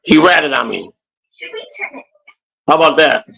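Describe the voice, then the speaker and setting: A man's voice: a little high, animated, takes it slowly, gravelly, sharp tone, rough recording. An older man and grandfather co-hosting a casual morning chat show, rambling and joking with many restarts. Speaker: co-host.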